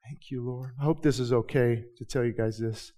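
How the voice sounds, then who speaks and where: A middle-aged male pastor preaching a sermon, moving from quiet storytelling to shouted, rising declarations. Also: mid-range voice, steady tone, moderate pace. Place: church sanctuary with balcony.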